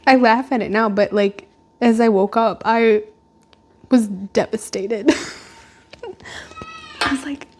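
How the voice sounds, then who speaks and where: Home vlogger, woman; unhurried, chatty and rambling, lots of fillers. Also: a little high, very animated, a little mellow. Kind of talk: casual chat. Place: at home indoors by a glass door.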